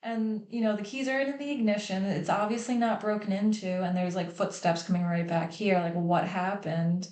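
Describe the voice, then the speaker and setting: A woman's voice: medium pitch, fairly even intonation, moderate pace, few pauses, darkish tone. A woman hosting a livestream, talking candidly and emotionally about her family, swearing freely. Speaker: host. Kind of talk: candid personal talk on a livestream. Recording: echoey room.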